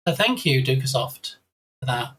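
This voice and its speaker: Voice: mid-range voice, big pitch swings, normal speed, a bit bright, husky. A live-stream host chatting casually and playfully, reading out viewer names and thanking them one by one. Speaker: livestream host.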